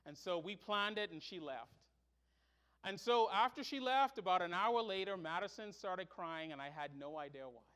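A middle-aged man preaching a sermon as pastor, telling stories with sudden loud, high bursts. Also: animated, normal speed.

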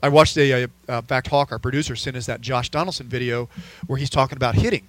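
A man in his forties, a sports physician hosting a podcast, telling stories in a relaxed, casual way with easy laughs. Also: mid-range voice, fast talker, no room sound, poor audio. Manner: relaxed storyteller, laughs easily.

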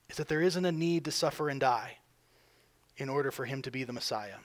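Emphatic slightly high-voiced male preacher. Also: normal speed, long pauses. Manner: emphatic preaching, voices quoted figures with rising force. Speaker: pastor. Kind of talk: sermon.

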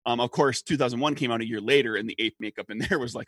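Man in his forties, husky voice, dry close mic, rambling podcast co-host. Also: medium pitch, racing, fairly bright tone, dry recording. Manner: rambling, many fillers and restarts. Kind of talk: casual chat.

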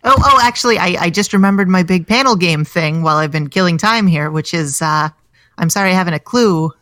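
A woman's voice: lowish voice, fairly quick, fairly bright tone, no room sound, clean studio sound. An American woman in her thirties, a comedian chatting casually as a podcast guest, self-deprecating and full of restarts. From United States.

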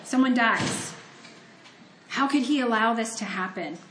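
A woman's voice: on the high side, measured pace, a bit bright, reverberant, slight background noise. A woman from Ohio giving a conversational, earnest sermon that mixes scripture reading with personal storytelling. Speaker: preacher.

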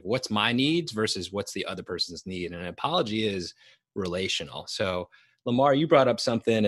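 A man co-hosting a podcast, talking things over in a thoughtful, unhurried way with fillers. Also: on the low side, fairly bright tone, no echo. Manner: thoughtful, drawn-out phrasing with fillers. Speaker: podcast co-host. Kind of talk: reflective conversational podcast talk.

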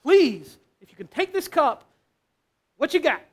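An agitated, high-pitched man pleads desperately in prayer, as a preacher acts him out. The tone is raw and anguished throughout. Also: big pitch swings, a little slow, fairly bright tone, heavily acted. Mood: anguished pleading.

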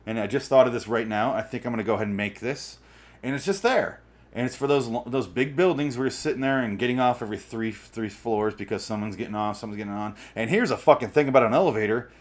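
A man in his twenties delivering a profane, sarcastic comedic rant about everyday annoyances from his room. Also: mid-range voice. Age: 20s. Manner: profane, sarcastic, exasperated ranting. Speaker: vlogger. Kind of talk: ranting comedic monologue.

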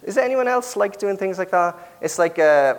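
British preacher with lively intonation in a reverberant hall. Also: male voice, high voice, moderate pace. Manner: conversational, asks the congregation questions with frequent tag questions. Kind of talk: sermon. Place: church. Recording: long reverb of a church hall.

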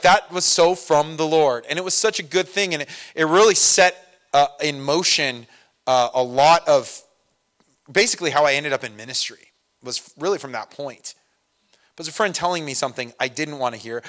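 A man's voice: medium pitch, a bit bright. Man preaching a casual, storytelling sermon. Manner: conversational, self-deprecating, storytelling with laughs. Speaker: pastor.

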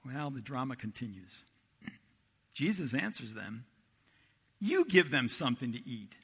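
A man preaching a sermon as a pastor, telling the story with animated voices for the disciples. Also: medium pitch, a little slow, creaky, breathy edge. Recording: long reverb of a large hall.

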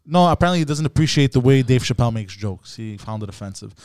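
Animated man co-hosting a casual podcast. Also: mid-range voice, fast talker, dry recording, studio quality. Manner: excitable, swears, laughs often. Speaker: podcast co-host. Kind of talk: casual chat.

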